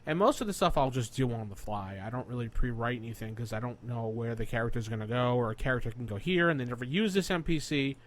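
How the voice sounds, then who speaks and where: A man's voice: medium pitch, fast talker, hardly any pauses, a little hiss or hum. A man co-hosting a casual gaming podcast, rambling and searching for words as he explains how he runs games. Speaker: podcast co-host and game master. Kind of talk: casual chat.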